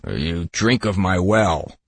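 A man's voice: deep voice, expressive, slow pace, vocal fry, slightly rough, dry recording, full character voice. A man doing a menacing tyrant wolf. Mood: accusing. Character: scheming, tyrannical male wolf.

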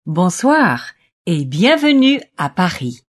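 A woman says model phrases slowly and deliberately so learners can repeat them. Her melody is lively and each word is crisply set apart. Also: lowish voice. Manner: careful, deliberate enunciation. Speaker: model speaker in a language course. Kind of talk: slow model pronunciation.

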